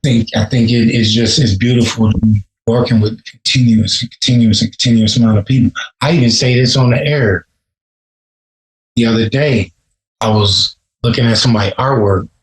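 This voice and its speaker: Heard through poor, roomy audio, a Chicago rapper with a somewhat low voice is a guest on a casual podcast. He's laid-back and profane as he tells his stories.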